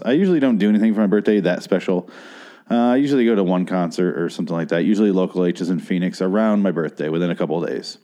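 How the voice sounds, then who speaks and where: A man's voice: deep voice, warm tone. A man in his thirties hosting a podcast on his own, talking at length in a rambling, profane and self-mocking way. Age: 30s. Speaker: podcast host. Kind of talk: casual solo podcast monologue. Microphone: studio mic through a mixer.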